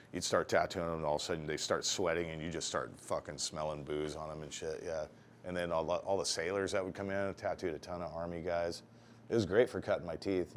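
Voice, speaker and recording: A very deep-voiced tattoo artist, interviewed casually, wanders through stories of his tattooing years with constant, casual profanity. Voicing other people's lines perks him up before he drifts back to a low, easygoing manner; there's slight background noise.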